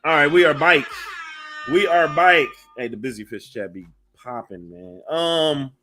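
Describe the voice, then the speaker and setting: A man's voice: a little high, animated, unhurried, music in the background. A man hosting a casual livestream interview, upbeat and reading out viewer messages and donations. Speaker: livestream host.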